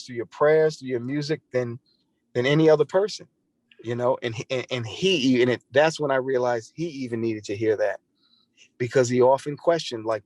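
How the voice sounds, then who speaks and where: A man's voice: mid-range voice, darkish tone, dry recording. A man appearing as a podcast guest, earnestly telling a personal story and often restarting his phrases. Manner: earnest, repeats and restarts phrases while recounting. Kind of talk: conversational storytelling.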